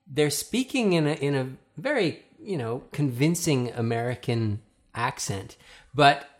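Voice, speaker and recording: A man's voice: mid-range voice, animated, measured pace. A man co-hosts a podcast in easygoing chat. He reads out listener feedback and slips in dry, wry quips. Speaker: podcast co-host.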